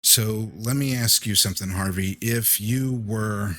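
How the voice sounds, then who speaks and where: A man narrating as game master of a tabletop horror game, halting and relaxed with many fillers. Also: fairly low pitch, dry recording.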